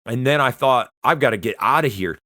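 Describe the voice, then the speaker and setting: A man giving an earnest, conversational personal testimony, often pausing and restarting as he tells his story. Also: mid-range voice, lively intonation, sharp tone, no echo, studio quality. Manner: earnest, conversational, halting retelling. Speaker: Christian testimony speaker.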